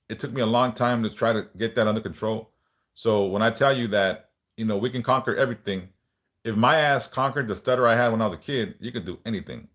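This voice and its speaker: A man hosting a livestream, leading prayers and then chatting casually, swearing now and then and sometimes repeating words as he speaks. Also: mid-range voice. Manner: relaxed, swears casually, reads chat aloud; speaks of stuttering, some word repeats.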